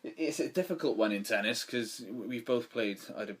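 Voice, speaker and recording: Male podcast co-host, chatty and rambling, with a mid-range pitch. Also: moderate pace, fairly bright tone, husky. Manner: rambling, with many restarts. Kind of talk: casual sports chat.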